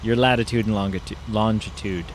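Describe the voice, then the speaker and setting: A man's voice: lowish voice, fairly even intonation, a little fast, a little hiss or hum. A man giving casual, rambling commentary while playing a farming game, musing aloud with lots of fillers. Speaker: gaming YouTuber.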